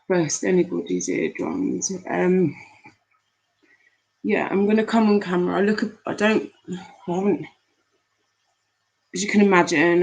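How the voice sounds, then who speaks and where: A grieving, tearful woman chatting with viewers on a live stream from home, halting with many pauses and fillers, on a laptop mic. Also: lowish voice, gravelly, darkish tone, low-quality recording.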